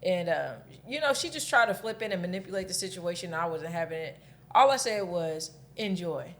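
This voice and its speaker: A woman's voice: fairly low pitch, expressive, a little fast, slight background noise. A woman in her thirties, a podcast co-host, telling a breakup story candidly in casual chat and swearing freely.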